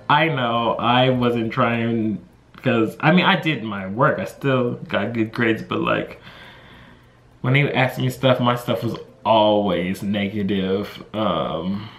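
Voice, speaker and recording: This vlogger, a young man from the US, rambles through a laid-back storytime for the camera, leaning heavily on "you know" and "like." He speaks slowly in a mid-range, somewhat bright voice. Faint music plays behind him, and the room echoes.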